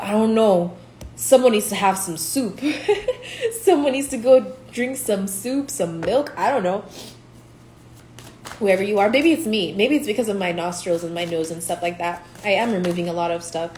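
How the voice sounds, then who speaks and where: A woman's voice: mid-range voice, a little mellow. A young woman from Nigeria giving a casual spiritual monologue as a tarot reader, blunt and profane, laughing often. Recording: echoey room, faint hiss.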